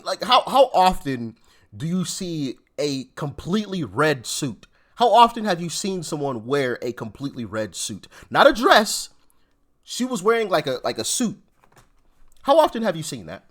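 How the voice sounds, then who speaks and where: A man hosting casual reaction commentary, asking rhetorical questions in disbelief. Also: sits high. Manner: incredulous, repetitive rhetorical questions. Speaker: commentary channel host.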